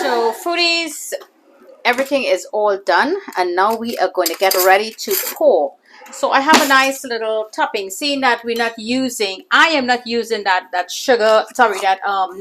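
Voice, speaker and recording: A woman's voice: a little high, fairly bright tone, slight background noise. A woman from the islands, chatting casually through a cooking demonstration and calling her viewers foodies, in a home kitchen. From Caribbean islands. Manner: chatty, addresses viewers as foodies, pleading emphasis. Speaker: cooking channel host.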